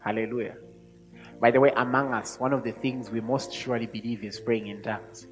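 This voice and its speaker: A man preaching a sermon to a congregation, speaking emphatically and rising to loud peaks when he reads scripture. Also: mid-range voice, fairly even intonation, brisk. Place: church hall. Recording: long hall reverb with faint music.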